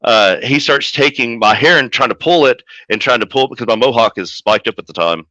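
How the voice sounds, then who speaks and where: A man's voice: medium pitch, brisk, sharp tone, no echo, highs cut off. A man, a wrestling manager, telling a profane story in a casual interview and acting out the quotes as he goes.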